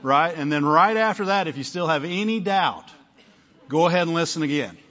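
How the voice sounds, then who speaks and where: A man's voice: on the high side, animated, normal speed, sharp tone, dull audio. A male pastor preaching a conversational sermon, often asking the congregation "amen?" and "right?".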